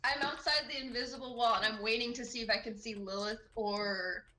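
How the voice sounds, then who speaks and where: A woman's voice: on the high side, steady tone, bright, forceful tone, rough recording. A woman playing a tabletop game, chatting casually and describing her character's actions. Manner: casual, quick to laugh and swear. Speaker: player.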